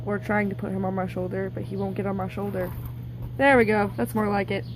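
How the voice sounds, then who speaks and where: A woman's voice: mid-range voice, steady tone, fairly quick, background noise. A young woman vlogging outdoors, talking in a playful, doting, mock-dramatic way. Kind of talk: casual outdoor vlog.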